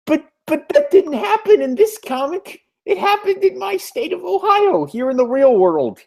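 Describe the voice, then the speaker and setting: Teasing woman co-host, lively voice. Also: very high voice, moderate pace, gravelly. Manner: teasing, laughing. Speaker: podcast co-host. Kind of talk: casual comic-book discussion.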